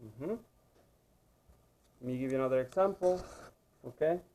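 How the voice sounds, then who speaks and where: A man's voice: medium pitch, normal speed, warm tone. Patient man teaching a video lesson. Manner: patient, repeats "okay?" to check understanding. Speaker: Spanish teacher.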